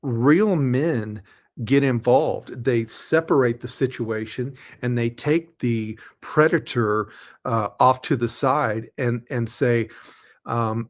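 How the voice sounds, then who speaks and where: A pastor speaks slowly and deliberately, leaning on each word as he scolds. His voice sits in a plain middle register. His commentary is blunt, aimed straight at the viewer. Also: mid-range voice. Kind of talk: commentary on a played interview.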